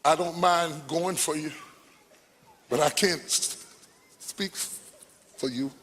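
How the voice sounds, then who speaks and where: A man's voice: fairly high pitch, a bit bright, in a large hall. A preacher voicing Moses as a reluctant man who halts, repeats words and pleads that he cannot speak. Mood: pleading. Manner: halting, self-doubting, repeats words.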